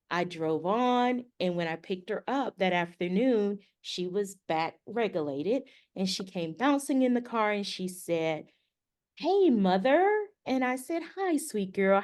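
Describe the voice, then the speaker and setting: A woman's voice: mid-range voice, lively intonation, a little slow. A middle-aged woman co-hosting a podcast, telling a story casually and acting out the dialogue with animation. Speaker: podcast co-host.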